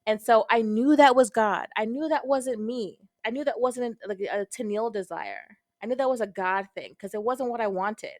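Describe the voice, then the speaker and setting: Frank, expressive woman in a dry recording. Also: a little high, moderate pace, hardly any pauses, no echo. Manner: frank and expressive, swears casually, acts out her own past thoughts. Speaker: podcast guest. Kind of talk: candid personal storytelling.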